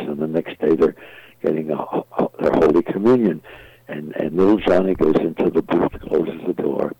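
Husky and warm with vocal fry, the low voice belongs to an older guest entertainer who rambles through stories in an interview, restarting often and using many fillers. The recording is dull, dry, and lo-fi.

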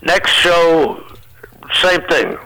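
An older comedian, a guest in a relaxed interview, tells rambling, animated stories, restarting his sentences again and again. His voice is slightly high, very bright and forceful, and he speaks very slowly. The recording quality is low.

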